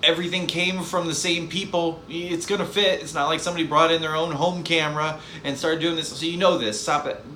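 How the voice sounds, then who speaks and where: A fairly high-pitched man with a bright, forceful voice tears into a film in a loose, rambling review. He sounds exasperated and sarcastic, often restarting his sentences. The recording is roomy, with a faint hum behind him. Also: steady tone, a little fast, hardly any pauses. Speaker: movie reviewer. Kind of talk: casual spoken film review.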